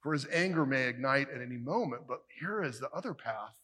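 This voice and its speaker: A male pastor preaching a sermon emphatically, building to forceful peaks and dropping to hushed line endings. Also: mid-range voice, expressive, a little fast, husky. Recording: long reverb of a large hall.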